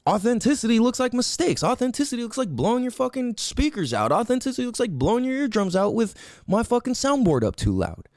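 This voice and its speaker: In a very high voice and at a fast clip, a man rants through his solo podcast, captured with studio-quality, echo-free sound. The rant is profane, animated, and rambling, full of emphatic rhetorical questions.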